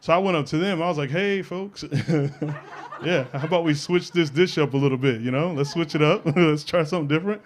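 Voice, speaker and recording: A man's voice: fairly high pitch, fast, a little hiss or hum. A young adult man performing a brash, profane stand-up routine on a comedy stage, working the crowd. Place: comedy stage with a live audience laughing.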